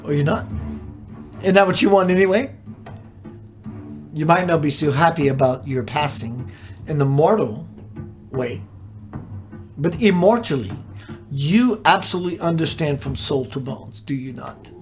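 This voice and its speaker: Musing spiritual live-stream host over music. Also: mid-range voice. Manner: slow, musing, full of rhetorical questions. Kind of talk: live-stream spiritual talk, reading chat comments.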